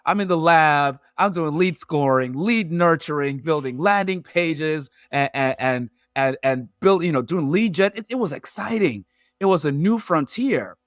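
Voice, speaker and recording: A man, a podcast guest who explains his points through lively analogies and metaphors. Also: on the high side, no room sound, clean studio sound. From Nigeria. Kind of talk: animated storytelling in an interview.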